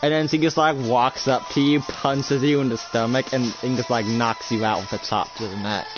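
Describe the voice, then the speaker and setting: A man's voice: medium pitch, steady tone, normal speed. Rambling guy narrating a roleplay. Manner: rambling, filler-heavy storytelling. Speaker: game master. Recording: dull lo-fi recording with music. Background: loud background music.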